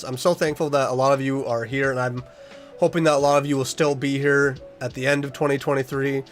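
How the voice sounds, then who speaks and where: A young man streaming a casual chat with his viewers, earnest and rambling as he reads their messages aloud. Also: mid-range voice.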